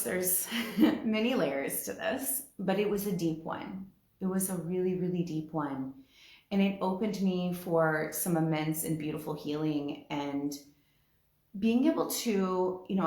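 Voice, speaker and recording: Slow, low-voiced woman giving a heartfelt spiritual talk. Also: lively intonation, echoey room. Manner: slow, soft and heartfelt, growing emotional.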